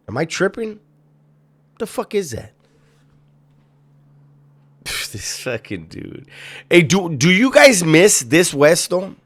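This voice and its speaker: A man's voice: on the high side, fairly bright tone. A man hosting a reaction video, making sarcastic, profane and mocking commentary. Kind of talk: casual commentary.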